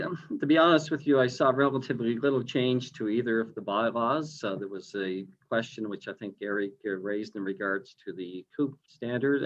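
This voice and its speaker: A man who is mayor, explaining his view in a council meeting with many hesitations. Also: mid-range voice. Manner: hesitant, many ums and uhs. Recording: dull lo-fi call audio.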